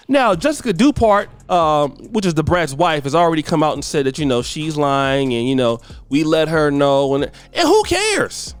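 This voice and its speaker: A man's voice: on the high side, big pitch swings, moderate pace, clear, resonant tone, dry recording, faint music behind. A man hosting a celebrity gossip show, giving blunt, scolding commentary full of slang. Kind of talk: ranting commentary.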